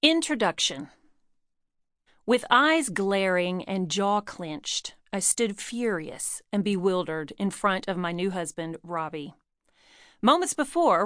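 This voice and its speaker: A woman's voice: mid-range voice, a bit bright, no echo, clean studio sound. A woman reading her own book aloud in an earnest, personal storytelling manner. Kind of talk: audiobook narration.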